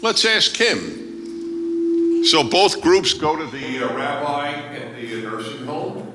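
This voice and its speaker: A man giving a humorous lecture as guest speaker, telling jokes in an animated way. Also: a little high, unhurried, a crowd in the background. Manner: joking storyteller, animated. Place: large hall with audience. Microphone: microphone, later unamplified. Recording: echoey hall with background noise.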